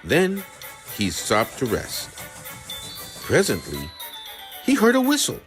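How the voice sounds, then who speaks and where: A man reading a children's train story aloud, slowly and expressively. His pitch rises and falls dramatically from line to line. Music plays steadily underneath. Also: huge pitch swings, fairly bright tone. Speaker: narrator. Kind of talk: storybook narration. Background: background music.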